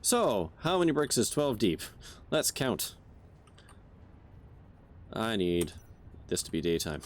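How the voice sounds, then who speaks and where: Slow, low-voiced young man gaming. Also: very animated. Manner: counts aloud under his breath, swears casually. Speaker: game streamer. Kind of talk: casual chat while playing.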